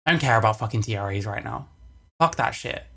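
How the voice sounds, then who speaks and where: A man's voice: on the low side, lively intonation, fast talker, creaky, sharp tone. A man ranting on a livestream while reacting to videos, heavy with swearing, exasperated, and repeating phrases for emphasis. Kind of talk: angry casual livestream rant.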